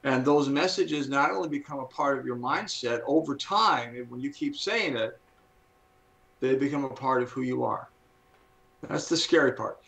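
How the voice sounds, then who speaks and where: A man in his seventies with a gravelly edge to his voice and a middle-pitched tone. He explains things in an earnest, teacherly manner as a talk-show guest, drawing out key words to stress them. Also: a bit bright, rough recording. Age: 70s. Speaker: guest speaker.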